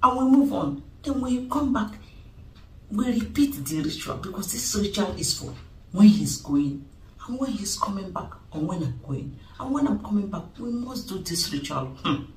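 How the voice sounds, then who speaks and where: A woman's voice: mid-range voice, sing-song, normal speed, a little mellow, slight background noise. A woman with a Nigerian accent, talking emphatically and pleadingly in a comic skit dialogue. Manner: emphatic, pleading, mixes pidgin. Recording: roomy, distant mic, faint ambience.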